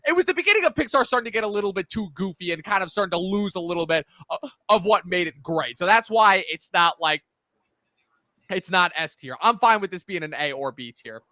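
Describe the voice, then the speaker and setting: A man hosts a relaxed movie chat in a high, bright voice. He states his opinions firmly and with emphasis. The recording is dry and close. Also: fairly quick, dry recording. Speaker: podcast host. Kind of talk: casual chat.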